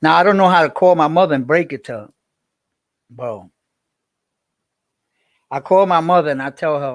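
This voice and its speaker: A man's voice: a little high, moderate pace, long pauses, no room sound. A man, livestreaming and chatting with viewers in a rambling way, repeating himself as he tells a story. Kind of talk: casual livestream chat.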